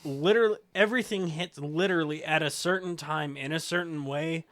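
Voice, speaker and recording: A young man co-hosting a casual film podcast, excitable and swearing, often stumbling and restarting his sentences. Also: a little high, a little fast. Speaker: podcast co-host. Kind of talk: casual film-review chat.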